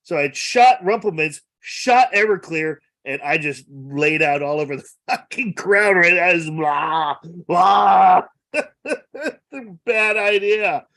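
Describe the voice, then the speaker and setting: A man's voice: high-pitched, animated, takes it slowly, pushed and bright. A laid-back man in casual chat, laughing often and swearing freely.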